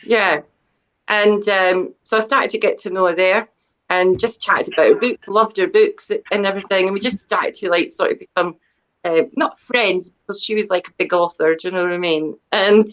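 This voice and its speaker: In a casual interview chat, a middle-aged debut author rambles and pokes fun at herself, full of fillers and restarts. Her voice sits at a medium pitch, and the audio quality is poor.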